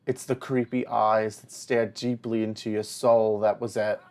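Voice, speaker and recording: A man's voice: fairly low pitch, flat delivery, a little slow, a little mellow. A young man in casual gameplay commentary, telling rambling stories while chatting to the characters on screen. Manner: rambling storyteller, chats to the game characters. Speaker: let's play host.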